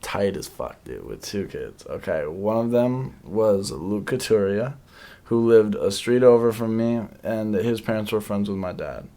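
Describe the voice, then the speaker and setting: A man's voice: lowish voice, lively intonation, a little slow, mellow. A young man co-hosting a casual talk show, rambling through a story in slang and laughing between words. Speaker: podcast co-host. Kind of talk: casual chat.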